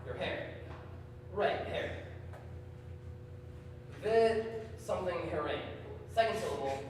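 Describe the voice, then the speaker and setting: A man's voice: high-pitched, lively intonation, slow, darkish tone, slight background noise. A man performing live improv comedy, stammering and repeating himself as he tries out guesses in front of an audience. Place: large hall before an audience. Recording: echoey hall from far off.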